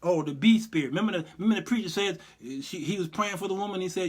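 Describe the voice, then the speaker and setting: Animated, high-voiced host chatting with viewers. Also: male voice, very fast, breathy edge. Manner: animated, laughs often, mimics others. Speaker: talk show host. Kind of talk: casual commentary show reading live chat.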